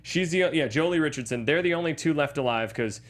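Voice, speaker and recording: A man in his thirties co-hosting a movie podcast, joking and animated as he talks. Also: on the high side, brisk. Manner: jokey, animated, slips into silly voices. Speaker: podcast co-host. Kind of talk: casual movie chat.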